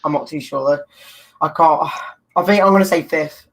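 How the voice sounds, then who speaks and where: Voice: medium pitch, normal speed, a bit bright. Hesitant young fan on a stream. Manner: hesitant, thinks aloud. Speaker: guest fan. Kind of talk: casual chat.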